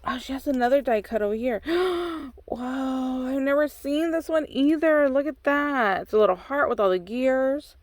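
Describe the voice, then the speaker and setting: An American woman hosting a craft channel opens a swap package, gushing over every piece with constant exclamations. Her high-pitched voice moves at a moderate pace with few pauses.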